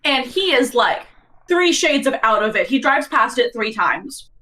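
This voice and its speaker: Woman podcast co-host, fairly high voice, casual teasing storyteller. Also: very animated, unhurried, pushed and bright, rough recording. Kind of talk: casual chat.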